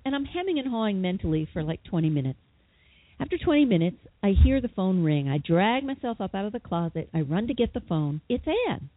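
A husky-voiced woman recounts a personal story as an interview guest, acting out what each person said with dramatic flair. She comes through a tinny phone line with a dry, close sound. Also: mid-range voice, a little fast, no echo. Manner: lively, dramatic retelling with quoted voices. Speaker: guest, psychotherapist and author.

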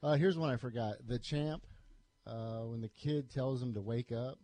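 A man's voice: medium pitch, moderate pace, mellow, no echo. A man co-hosting a sports radio show, dropping in short, dry prompts and suggestions. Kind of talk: casual sports talk.

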